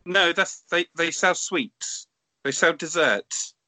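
Bloke, dry and mock-offended, bright tense voice, super dry close sound. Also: male voice, a little high, takes it slowly, dry recording. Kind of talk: casual chat.

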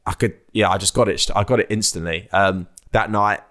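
A man chats casually as an interview guest. His voice sits a little low, and he tells stories in a lively, animated way. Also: brisk. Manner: chatty, animated storytelling with impressions. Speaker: music artist guest.

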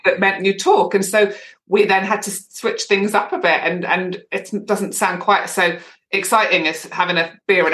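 Low-voiced woman in a roomy space. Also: a bit bright. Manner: earnest and open, speaks in long run-on stories. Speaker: podcast guest, sobriety coach. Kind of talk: candid conversational interview. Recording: roomy echo.

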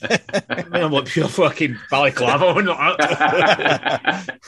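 A man's voice: a little high, takes it slowly, bright, forceful tone, a little hiss or hum. A man telling sweary, laughing stories in casual chat as a band member on a podcast. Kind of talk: casual storytelling.

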